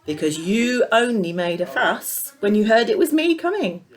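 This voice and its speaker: A woman playing a kind, fair king in a children's Bible story, speaking gently and in a measured way. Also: a little high, big pitch swings, pitched above the performer's own voice. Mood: firm.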